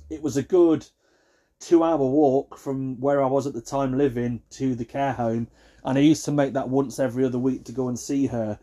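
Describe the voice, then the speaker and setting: A man ranting in a comic, exasperated way, jumping between hushed asides and loud outbursts. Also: medium pitch. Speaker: vlogger. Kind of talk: comic rant to camera.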